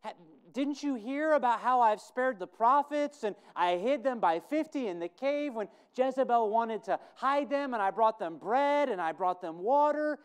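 A man's voice: extremely high pitch, lively intonation, moderate pace, few pauses, smooth, pitched above the performer's own voice. A man voicing a frightened male royal servant who pleads anxiously in an emphatic voice. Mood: pleading.

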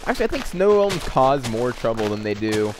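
A young man chatting through his own gameplay in a mid-pitched, everyday voice. He rambles loosely and jumps into sudden excited outbursts. A faint hiss sits under the recording. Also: a little fast. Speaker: gamer commentating his own play. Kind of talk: casual let's-play commentary.

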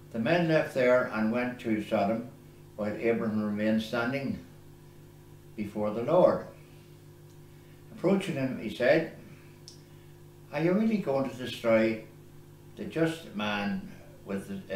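Slow priest reading scripture. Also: male voice, medium pitch, a little mellow. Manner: slow, deliberate reading with small slips and self-corrections. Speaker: priest celebrating Mass. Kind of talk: reading scripture aloud at Mass. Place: small chapel oratory indoors. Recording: echoey chapel with faint background hiss.

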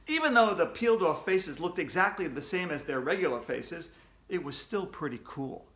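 A man with a fairly high voice reads a children's story aloud, playful and animated as he goes. The sound bounces around a roomy, echoey space. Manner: animated, raises pitch for character voices. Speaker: children's author reading aloud. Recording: echoey room.

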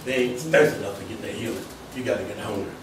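A man preaching a fiery sermon, driving his points home with shouts and repeated phrases. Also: lowish voice, animated, fast, background noise. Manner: preaches with rising shouts and emphatic repetition. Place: church hall. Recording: echoey hall, mic from far off.

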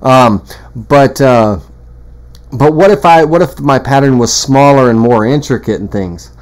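A man's voice: mid-range voice, unhurried. Man, woodworking instructor, screen tutorial, casual, rambling, lots of fillers. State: has the hiccups. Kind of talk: screen-recorded software tutorial.

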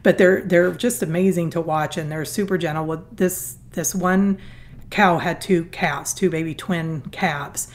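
Earnest, lower-voiced woman storyteller. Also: measured pace. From Southern California. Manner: earnest, animated storyteller with restarts. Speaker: guest, foundation founder. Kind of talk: conversational storytelling interview.

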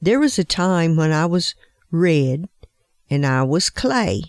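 Earnest talking teacup, once plain clay, woman reading, slow, a bit high, dry close sound. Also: sing-song, a little mellow, no echo, exaggerated voice. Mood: recounting.

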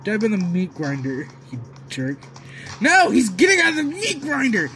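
A man giving excited gameplay commentary, yelling, laughing and pleading with his opponents as he plays. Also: sits high, moderate pace, very noisy. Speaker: gaming video creator.

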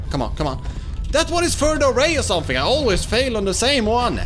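Excitable high-voiced gamer man. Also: moderate pace, soft background music. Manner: excitable, shouting and laughing at wins. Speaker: gaming YouTuber. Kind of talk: let's play commentary.

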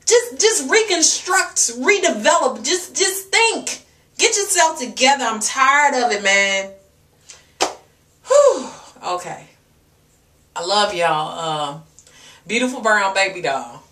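A woman's voice: a little high, lively intonation, unhurried, sharp tone, reverberant, far from the mic. A woman, giving a passionate, preachy vlog rant full of rhetorical questions. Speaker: natural hair and fitness vlogger.

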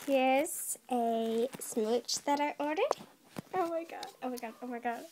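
A high-voiced teenage girl films an unboxing, squealing with giddy excitement and laughing often. Plastic crinkles softly in the background. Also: measured pace, noisy background. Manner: giddy, keeps exclaiming and laughing. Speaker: vlogger. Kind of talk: unboxing video.

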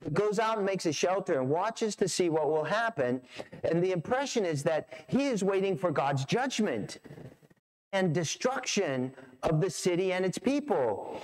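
Lively slow-speaking pastor. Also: male voice, sits high. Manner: animated storytelling, acts out voices. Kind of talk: sermon. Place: church sanctuary.

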